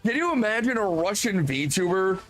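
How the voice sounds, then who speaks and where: A man's voice: high-pitched, lively intonation, moderate pace, fairly bright tone, faint music behind, low-quality recording. A man streaming casually, ranting in an exasperated, profane way with lots of "like" fillers.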